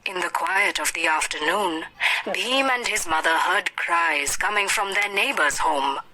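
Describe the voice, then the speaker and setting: A woman teacher reading a story aloud for an English lesson, slow and expressive. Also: lowish voice, low-quality recording.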